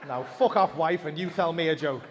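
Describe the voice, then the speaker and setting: Liverpool man, stand-up, teasing crowd work; higher pitched, long hall reverb. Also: a little fast. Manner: cheeky, sweary banter. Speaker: stand-up comedian. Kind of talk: crowd work and backstage chat. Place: large theatre stage. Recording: echoey hall with background noise.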